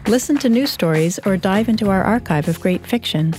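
A woman hosting a podcast, reading a scripted announcement in a calm, even delivery. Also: medium pitch, brisk. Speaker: podcast host and editor. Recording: faint music bed underneath.

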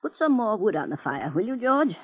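An actress playing a neurotic, domineering elderly woman who is an invalid, in 1940s radio acting, with a shrill, imperious, easily alarmed manner, from an old radio broadcast. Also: sing-song, fairly quick, breathy edge, dull audio. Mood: peevish. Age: older.

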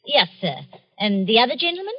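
A woman's voice: on the high side, big pitch swings, fairly quick, slightly rough. An actress playing a chatty, easily frightened English woman who runs a tobacco shop, in 1940s radio acting style on a dull old broadcast.

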